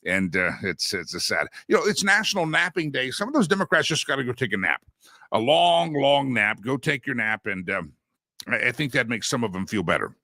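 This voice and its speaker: A rambling, jokey man hosts a live-streamed political talk show. He talks with a bright, forceful edge and restarts his sentences often. The sound is close and dry. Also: very animated, fairly quick, no echo. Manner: rambling and chatty, full of fillers and restarts; jokey, swings in pitch for emphasis.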